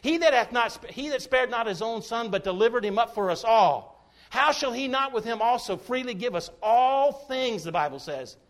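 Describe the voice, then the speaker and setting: A pastor preaching a sermon, emphatic and folksy, with joking asides. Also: male voice, very high-pitched, animated, moderate pace.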